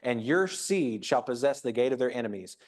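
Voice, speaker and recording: A man's voice: mid-range voice, expressive, normal speed. Reflective man preaching a conversational sermon. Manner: reflective, reads scripture aloud with frequent restarts. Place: church auditorium.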